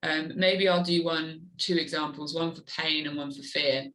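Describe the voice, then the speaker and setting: A woman's voice: sits low, moderate pace, poor audio. A woman guest in an interview, speaking earnestly and openly about coping with pain. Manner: earnest, animated when acting out her inner voice. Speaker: guest, adventure motorcyclist. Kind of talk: candid interview talk.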